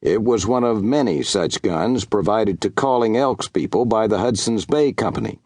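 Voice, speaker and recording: A man narrating a western audiobook in a measured, expressive storytelling voice. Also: on the low side, no room sound.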